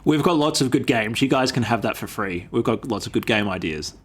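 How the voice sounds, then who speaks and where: Laughing Australian man, husky and lively. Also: medium pitch, fairly quick. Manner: laughs a lot, playful, swears. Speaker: podcast co-host. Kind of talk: casual chat.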